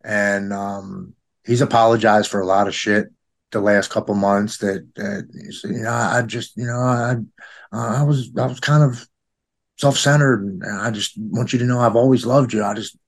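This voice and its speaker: A man's voice: on the low side, fairly even intonation, moderate pace. A man in his forties telling a heartfelt story in casual conversation, acting out the people he quotes with a raised voice. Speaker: guest in recovery.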